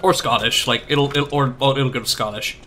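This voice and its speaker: Bright-voiced rambling male game streamer. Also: mid-range voice, fairly even intonation, brisk, faint music behind. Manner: rambling, self-deprecating, lots of fillers. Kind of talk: casual chat while playing.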